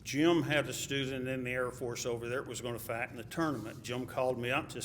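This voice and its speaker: A man's voice: medium pitch, fairly even intonation, quick pace, few pauses, a bit bright. A man with a Texas accent telling a chuckling personal story at a memorial. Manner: chuckling, anecdotal. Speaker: eulogy speaker. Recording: hall reverb, faint ambient noise.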